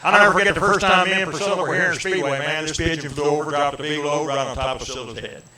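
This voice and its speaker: A man's voice: on the high side, steady tone, fast, natural voice. A man doing an impression of a swaggering rock-and-roll king, telling one-liners in a drawling crooner style before a live crowd. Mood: boastful. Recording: roomy live venue with crowd.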